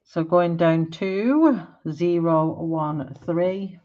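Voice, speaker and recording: A woman's voice: on the low side, extremely slow, lo-fi sound. A woman in her forties chatting casually on a live stream while she colours, rambling and laughing often. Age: 40s. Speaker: art livestreamer.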